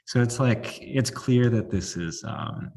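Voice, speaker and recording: A podcast host with a medium-pitched, gravelly, somewhat dark voice chats casually with his guest. He speaks slowly and expressively, sprinkling in plenty of "like," quoting things, and tossing out questions in a loose, chatty way.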